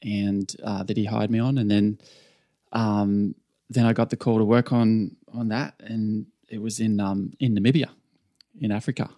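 A man's voice: fairly low pitch, fairly even intonation, normal speed, warm tone, dry recording. A man with an Australian accent, a stunt performer, telling stories in a laid-back podcast interview with lots of fillers and restarts. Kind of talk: casual storytelling interview.

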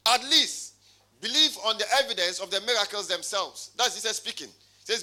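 High, bright-voiced preacher man. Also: lively intonation, normal speed. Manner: preaching with call-and-response. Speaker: pastor. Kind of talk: sermon.

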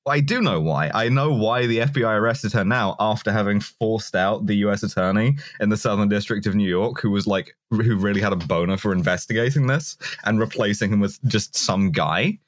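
A man's voice: on the low side, brisk, few pauses, dry recording, studio quality. A young man co-hosting a podcast, talking in sardonic, profane, drawling banter. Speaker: podcast co-host. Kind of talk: casual political banter.

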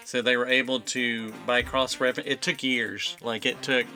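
A man's voice: mid-range voice, little pitch movement, normal speed, bright, forceful tone, soft background music. A man co-hosting a podcast, reading trivia in a dry, matter-of-fact casual chat and explaining things at length. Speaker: podcast co-host.

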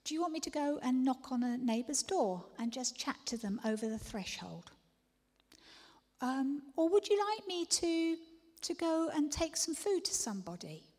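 A woman's voice: high voice, a little mellow. A woman preaching a sermon, earnest, often dropping to a whisper before emphatic declarations. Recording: long reverb of a large hall.

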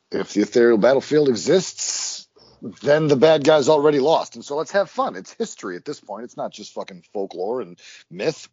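A man co-hosting a movie podcast, talking in a profane, rambling, animated way. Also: on the low side, breathy edge, dry recording, dull audio. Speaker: podcast co-host. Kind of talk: casual movie review chat.

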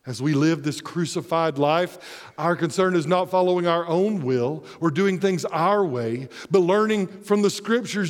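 A man's voice: sits high, animated, a little slow, long reverb tail. A man preaching a sermon as pastor, earnest and emphatic, posing rhetorical questions.

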